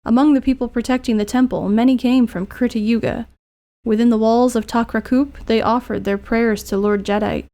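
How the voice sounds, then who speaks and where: A woman reading game dialogue as a gentle, apologetic spirit of a young man, speaking soft and solemn. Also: a little high, steady tone, moderate pace, lightly acted.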